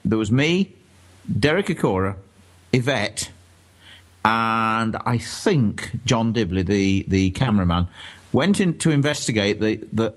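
A man, a historian guest, telling stories in a relaxed radio chat with frequent laughter. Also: fairly low pitch. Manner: animated storyteller, laughs often. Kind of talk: casual radio chat, anecdote.

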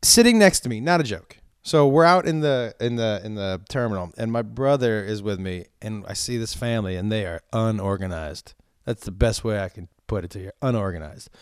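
A comedian telling stories in casual chat, swearing often and ranting with animation. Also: male voice, lowish voice, a little fast, smooth, dry recording, clean studio sound. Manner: profane, animated storytelling rants.

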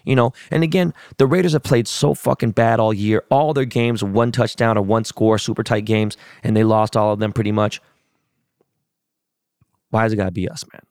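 A man's voice: medium pitch, darkish tone, clear, resonant tone, no echo, clean studio sound. A middle-aged man in a casual, profane rant, venting about a loss. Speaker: sports fan.

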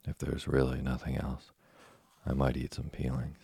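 A man's voice: rumbling low, monotone, moderate pace, mellow, no echo, heavily acted. A man voicing a hungry, spoiled wooden boy puppet in a storybook reading, whimpering and petulant. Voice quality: gravelly, husky.

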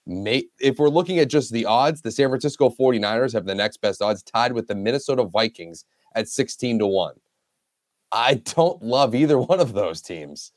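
A man's voice: medium pitch, dry recording, clean studio sound. A man co-hosting a sports betting podcast, explaining the odds in a laid-back, plain way. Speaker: podcast co-host. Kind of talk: casual sports betting chat.

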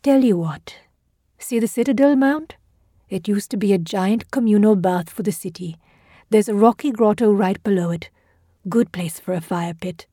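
A woman reading the lines of a level-headed, steely woman professor in an audio drama, speaking calmly and deliberately. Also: medium pitch, dry recording, studio quality, lightly acted. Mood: steady. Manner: calm, deliberate.

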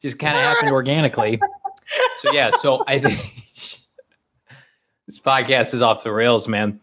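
A man co-hosting a sports podcast. His talk is animated and full of jokes. He laughs easily as he goes. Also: mid-range voice, measured pace. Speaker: podcast co-host. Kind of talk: casual sports podcast chat.

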